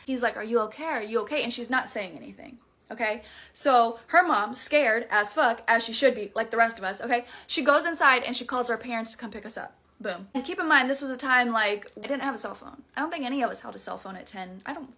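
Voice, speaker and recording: A Southern woman in her thirties tells a scary story straight to the camera in a loose, chatty way. Her voice sits a little high with a bright, forceful edge, and she swears freely and throws in dramatic asides as she goes. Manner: animated, profane, dramatic asides. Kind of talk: casual storytime.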